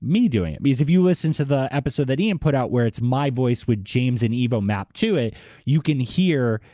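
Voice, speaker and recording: Halting man with a Boston accent. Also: medium pitch, animated, mellow, dry recording, studio quality. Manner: hesitant, restarts and repeats words often. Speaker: podcast host. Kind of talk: casual chat.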